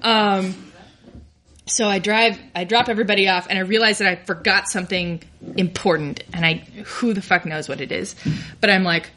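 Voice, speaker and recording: A woman's voice: mid-range voice, steady tone, moderate pace, pushed and bright. A young adult woman telling a candid, self-deprecating personal story, often laughing through her lines.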